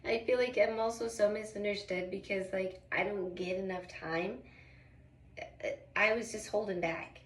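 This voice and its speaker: A woman's voice: medium pitch, fairly even intonation, moderate pace, far from the mic. A woman who is a mother, rambling through an emotional confessional vlog in casual slang, close to tears. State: tearful and emotional. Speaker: vlogger, mother. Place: small bathroom. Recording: echoey bathroom, voice off-mic.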